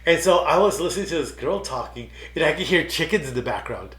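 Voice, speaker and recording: A man's voice: fairly high pitch, lively intonation, quick pace, fairly bright tone. A man co-hosting a casual podcast, telling rambling stories full of "like" and "dude". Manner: rambling storyteller, lots of "like" and "dude". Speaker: podcast co-host. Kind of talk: casual chat. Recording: roomy echo.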